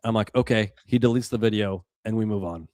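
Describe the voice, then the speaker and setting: Man, forties, casual storytelling, low-pitched, dry recording, animated, fillers and restarts. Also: fast talker, dry recording. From Rocky Mountains, US. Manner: animated, acts out quotes, many fillers and restarts. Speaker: podcast guest, former special operations weatherman.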